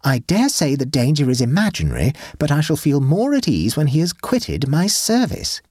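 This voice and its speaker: A man's voice: a little high, huge pitch swings, normal speed, a little mellow, husky, no echo, studio quality, pitched above the performer's own voice, full character voice. A man reading as an anxious, elderly clergyman, in a rambling, fretful letter voice.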